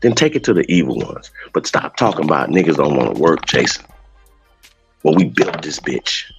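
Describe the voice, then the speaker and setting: A man's voice: a bass voice, very animated, moderate pace, gravelly, breathy edge, no room sound, poor audio. A man hosting a live talk show, ranting in a heated, profane, emphatic way over faint music. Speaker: show host. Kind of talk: casual live show rant.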